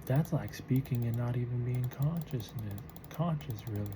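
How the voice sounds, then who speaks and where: A woman's voice: extremely low pitch, normal speed, noisy background. A sleepy woman in her twenties rambling through a casual late-night monologue, full of musing half-thoughts and restarts. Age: 20s.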